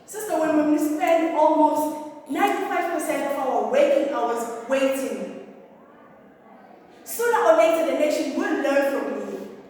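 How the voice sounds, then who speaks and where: A woman's voice: sits high, animated, measured pace, darkish tone. A woman acting a live theatre monologue as a young woman telling wry stories, acting out the voices of the people she quotes. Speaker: stage actor. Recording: echoey hall from far off.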